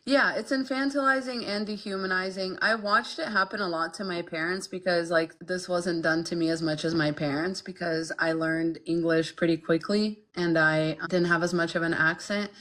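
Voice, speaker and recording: Young female streamer, low-ish voice, frank and blunt, casual chat with viewers. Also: fairly even intonation, normal speed, few pauses, fairly bright tone. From Ukraine. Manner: frank, blunt, filler-heavy, lots of "like". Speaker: podcast host reading chat.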